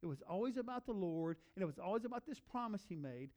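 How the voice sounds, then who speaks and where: A man preaching a sermon with earnest conviction, stacking up emphatic repeated phrases. His voice sits a bit high, with a warm, mellow tone. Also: animated, quick pace, hardly any pauses. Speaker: pastor.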